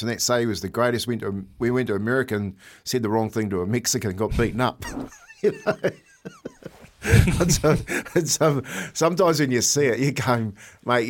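A man co-hosting a casual sports radio show, rambling and stop-start, with frequent laughter. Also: mid-range voice. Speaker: radio co-host.

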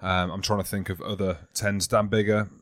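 A man's voice: low-pitched, little pitch movement, normal speed, fairly bright tone, dry recording. A man co-hosting a rugby podcast in a studio, teasing his co-hosts in cheeky casual banter. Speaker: podcast co-host. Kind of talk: casual chat.

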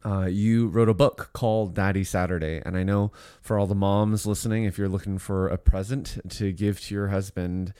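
A man's voice: low voice, steady tone, moderate pace, hardly any pauses, dark tone, smooth, no echo, clean studio sound. A man hosting a podcast, asking questions in an encouraging way. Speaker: podcast host. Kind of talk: podcast interview.

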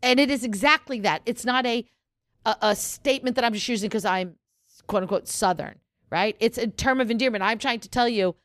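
A woman's voice: a little high, a little fast, no room sound, studio quality. A woman from New York co-hosting a podcast, talking in a blunt, opinionated way and swearing freely. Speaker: podcast co-host. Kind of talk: casual chat.

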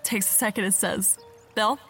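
Woman playing her character, lots of ums, halting, faint music behind. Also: mid-range voice, fairly bright tone. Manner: halting, many fillers. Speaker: player. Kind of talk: tabletop game actual play.

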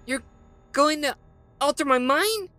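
A man's voice: very high voice, lively intonation, unhurried, bright, forceful tone, pitched above the performer's own voice, full character voice. A man voicing a terrified young female news anchor who pleads in panic. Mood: pleading.

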